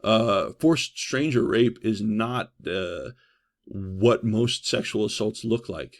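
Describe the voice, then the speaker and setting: A man leads a trauma-response training session. His voice is gravelly, and his delivery stays loose and conversational, checking in with "right?" and pausing on "uh" between points. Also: on the low side. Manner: conversational, frequent "right?" and "uh" fillers. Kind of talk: training lecture.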